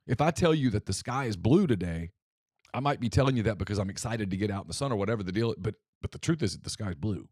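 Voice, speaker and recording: A man with a fairly low voice co-hosts a casual sports talk podcast. He talks bluntly and emphatically. The sound is dry and close, with no room around it. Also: expressive, darkish tone, husky, no echo. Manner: blunt, emphatic, reads quotes aloud slowly. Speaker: podcast co-host.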